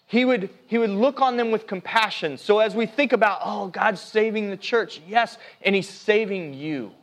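Earnest and high-pitched, a male pastor delivers a sermon that moves from hushed to emphatic. He frequently breaks off mid-phrase and starts again.

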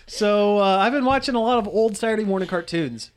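A man's voice: high-pitched, brisk. A man hosting a radio show, chatting casually with fillers and frequent laughter. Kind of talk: casual chat.

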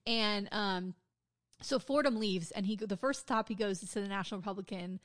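Podcast cohost lady telling a crime story, swears a lot, acts out the quotes, mid-pitched voice. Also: brisk. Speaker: podcast co-host. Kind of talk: casual true-crime chat.

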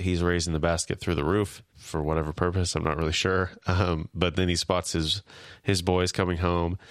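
Low-voiced man recapping a show. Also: a bit bright, smooth, dry recording, studio quality. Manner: retelling scenes, acting out lines lightly. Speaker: podcast co-host. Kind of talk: casual episode recap.

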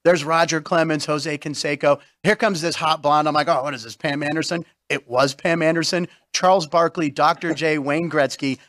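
A man's voice: fairly high pitch, fairly even intonation, moderate pace, few pauses, fairly bright tone. A middle-aged man hosting a talk show, joking, dropping names and egging his guest on to tell stories. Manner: jokey, name-dropping, eggs guests on. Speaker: host. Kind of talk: casual talk show chat.

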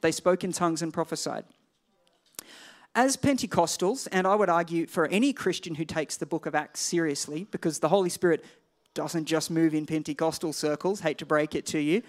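High-voiced male pastor preaching conversationally. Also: fairly quick. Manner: conversational, digressive, self-deprecating asides. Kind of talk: sermon.

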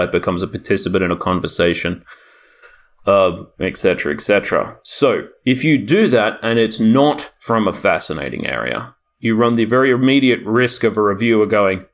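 Man, podcast chat, rambling, sardonic, swears a lot, lowish pitch. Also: animated, brisk. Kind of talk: casual chat.

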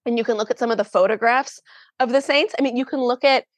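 A woman speaking as a podcast guest, an animated, chatty storyteller who pokes fun at herself. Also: a little high, fast, dry recording. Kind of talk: casual chat.

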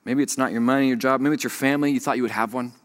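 A young man preaching a sermon, telling a story with animated swings from hushed to loud. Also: medium pitch, rapid-fire. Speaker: pastor.

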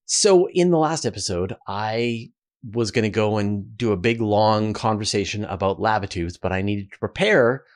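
A man with a Canadian accent hosting a relaxed question-and-answer show, talking casually with fillers and restarts. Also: on the low side, normal speed. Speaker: host. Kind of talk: casual Q&A talk.

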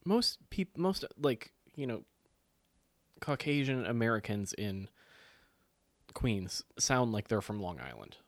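A man's voice: lowish voice, big pitch swings, slow, long pauses, dry recording. A man co-hosting a podcast, riffing in a rambling, profane, jokey casual chat. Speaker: podcast co-host.

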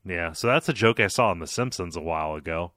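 Bright-voiced laughing man. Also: deep voice, quick pace, dry recording, studio quality. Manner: laughs often, stammers when excited. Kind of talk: casual chat.

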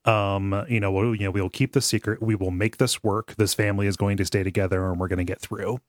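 A man's voice: lowish voice, steady tone, fast talker, no room sound, studio quality. A man on a podcast, casually recapping a cartoon episode, rambling with many fillers and frequent laughs. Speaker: podcast co-host.

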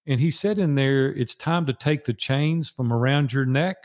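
A man's voice: medium pitch, moderate pace. A man in his sixties, a guest on an interview show, telling a personal story in an earnest, preacherly way and acting out the dialogue.

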